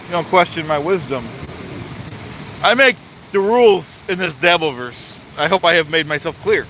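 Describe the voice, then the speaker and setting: A man's voice: a little high, expressive, normal speed, bright, forceful tone, slight background noise, low-quality recording. A man hosting a live stream outdoors by a waterfall, talking pompously about himself in the third person and repeating his points in a mock-authoritarian way. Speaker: livestream host. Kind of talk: live-streamed rant reading chat.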